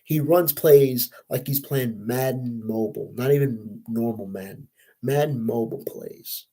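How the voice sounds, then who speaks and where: A man's voice: a little high, slightly rough, rough recording. A young man hosting a casual sports podcast, venting in a frustrated, profane, rambling way. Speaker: podcast host.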